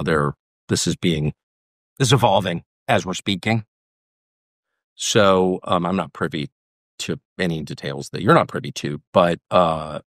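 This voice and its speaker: A man's voice: deep voice, no room sound, studio quality. An American man as the guest in a heated political conversation, talking in an emphatic, combative way and repeating his points for stress. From United States. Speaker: interviewee.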